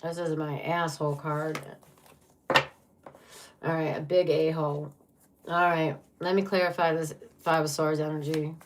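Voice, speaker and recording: A woman's voice: sits low, level tone, a little slow, pauses often, a little hiss or hum. A woman giving a tarot reading to viewers, blunt and profane, with dramatic reactions to the cards. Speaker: tarot reader.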